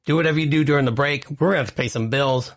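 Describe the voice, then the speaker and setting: Rapid-fire and medium-pitched, a man hosts an entertainment news podcast, reading out quotes and tossing in his own chatty, opinionated asides as casual commentary.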